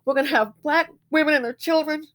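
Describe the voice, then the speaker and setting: A woman's voice: sits high, quick pace, a bit bright. A woman hosting a commentary channel, talking emotionally and angrily about a news video. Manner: emotional, angry and heated. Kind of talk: casual opinion commentary.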